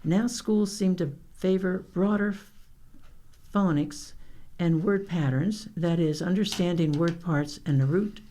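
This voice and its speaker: A woman reading newspaper columns and news items aloud for a radio reading service, in a plain, unhurried way. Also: on the low side, mellow, slight background noise. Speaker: volunteer newspaper reader. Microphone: radio studio microphone.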